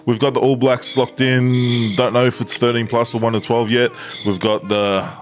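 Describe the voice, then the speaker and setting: A man hosting a casual podcast, asking questions and moving quickly between segments. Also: medium pitch, level tone. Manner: short agreeing interjections, brisk segment links. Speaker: podcast host. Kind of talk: casual chat.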